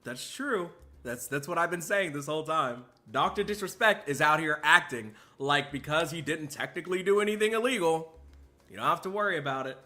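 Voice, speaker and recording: A bright, high-pitched male podcast host talking through his reactions, his pitch swinging widely as he restarts sentences and breaks into laughter. It is loose, animated commentary. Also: a little fast. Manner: animated, laughs often, many filler restarts.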